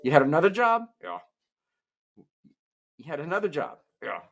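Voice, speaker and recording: A man's voice: on the high side, sing-song, normal speed, fairly bright tone. A man performing a comic ventriloquist act, talking to his puppets in playful, stammering children's show patter. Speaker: musical ventriloquist.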